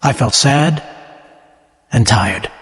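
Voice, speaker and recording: A man's voice: mid-range voice, lively intonation, slow pace, a bit bright. Man reading a story for english learners, voice rises and falls a lot, long echoey tail. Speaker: narrator. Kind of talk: scripted story narration.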